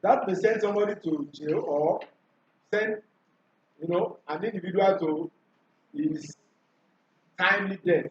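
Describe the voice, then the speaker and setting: High-voiced male teacher quizzing a class. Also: a little slow, pauses often, slight background noise. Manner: quizzing students, repeating questions. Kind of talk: classroom revision lesson. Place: school classroom. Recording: echoey classroom from far off, dull and lo-fi.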